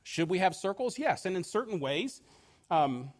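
A man's voice: high-pitched, very animated, normal speed. A man preaching a sermon in a conversational way, stumbling over words with many restarts and fillers, and chuckling between points. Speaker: pastor.

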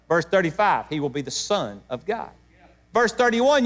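A middle-aged man preaching a sermon to his church, emotional, swinging between loud emphatic peaks and hushed moments. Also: sits high, sing-song, moderate pace. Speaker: pastor.

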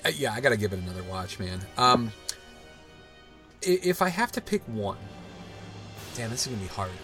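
A man in his thirties hosts a relaxed conversation, winding through his thoughts with restarts and "like." His voice sits at an ordinary pitch, with soft music faintly behind. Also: moderate pace. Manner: rambling, loose, full of "like" and restarts. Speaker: podcast host. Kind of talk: casual chat.

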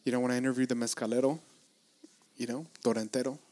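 A man's voice: mid-range voice, steady tone, quick pace, darkish tone. A man from Los Angeles in casual chat on a podcast, rambling, laughing often and swearing casually.

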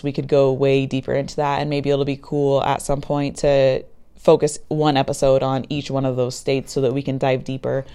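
Chatty woman with a low, mellow voice. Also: smooth. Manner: chatty and searching for words, with frequent ums and likes; acts out parent voices in quoted lines. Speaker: podcast guest explaining a mental health approach. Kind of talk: casual explanatory talk.

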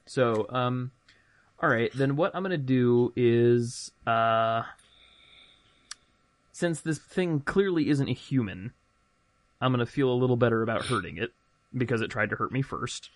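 A man's voice: mid-range voice, measured pace, pauses often, dry recording. A man playing a tabletop game, chatty and rambling, amused at himself. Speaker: player. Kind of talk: casual tabletop game play.

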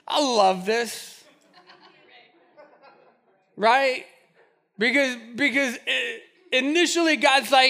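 A male pastor in his thirties preaches a lively sermon in a church. His voice sits high and sounds bright and forceful, and he jokes as he acts out the people in the scripture. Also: slow, long pauses.

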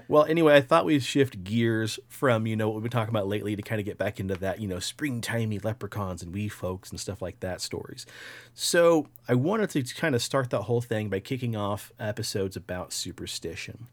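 A young adult man co-hosting a podcast, talking in a laid-back way with casual swearing and fillers. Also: on the low side. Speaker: podcast co-host.

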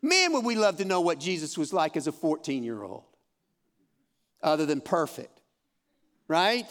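Brief: man in his fifties, fairly high voice, folksy, encouraging Bible teacher for a room audience. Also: sing-song, moderate pace, fairly bright tone. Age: 50s. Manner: encouraging, folksy, repeats himself. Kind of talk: conversational Bible study teaching. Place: room with a live audience, also streamed.

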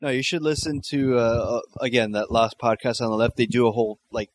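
A man's voice: medium pitch, fairly even intonation, a little fast. Laid-back male co-host, short reactive replies. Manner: chiming in with short reactions, easygoing. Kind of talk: casual chat.

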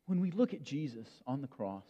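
A man preaching a sermon in a measured, emphatic way, with dramatic pauses. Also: mid-range voice, very animated. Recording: long reverb, dull lo-fi sound.

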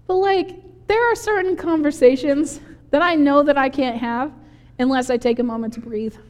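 A woman preaching a sermon, telling the story in an animated, conversational way. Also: sits high. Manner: animated storytelling, acting out quoted voices with laughs. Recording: long hall reverb.

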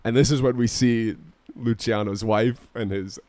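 A man's voice: on the low side, steady tone, normal speed, crowd noise. A man co-hosting a podcast, casually recapping a movie and acting out the characters' lines. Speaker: podcast co-host.

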